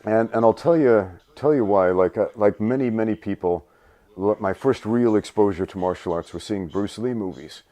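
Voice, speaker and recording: A man's voice: lowish voice, moderate pace, warm tone. A man with a hybrid British and American accent, talking earnestly as a podcast guest. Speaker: guest, martial artist. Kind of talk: podcast discussion.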